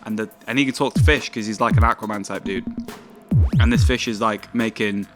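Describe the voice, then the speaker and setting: A man's voice: fairly low pitch, a little fast, music in the background. Young man telling stories. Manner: storytelling, laughing. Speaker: co-host. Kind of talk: casual banter.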